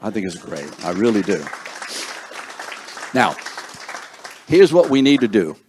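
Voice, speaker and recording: A man's voice: fairly low pitch, sing-song, measured pace, crowd noise, noisy background. An older man hosting a seniors breakfast, introducing guests one by one with playful teasing and stumbling over names. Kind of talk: introducing people in a room, joking.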